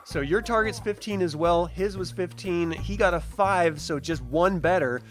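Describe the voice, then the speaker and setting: A man's voice: high voice, normal speed, faint music behind. A man running a tabletop game as game master, narrating scenes and laughing often. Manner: laughs often, animated character voices.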